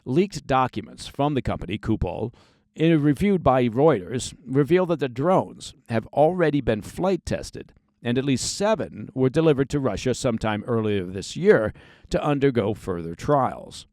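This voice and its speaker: A man's voice: mid-range voice, lively intonation, normal speed, darkish tone, dry recording. Man, news podcast host, sardonic asides, mid-range voice, dry close recording. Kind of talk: news briefing with sarcastic commentary.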